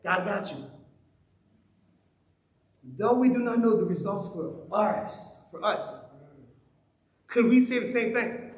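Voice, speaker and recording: Guy preaching casually, lots of questions to the crowd, high voice, echoey church room. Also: lively intonation, a little slow, darkish tone. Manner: conversational preaching with rhetorical questions. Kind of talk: sermon. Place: church hall.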